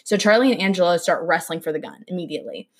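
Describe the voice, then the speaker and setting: A woman's voice: fairly low pitch, fast, husky. A young woman hosting a podcast, telling a true crime story in casual chat, acting out the quoted lines and saying "like" a lot. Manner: animated, acts out quoted lines, lots of "like".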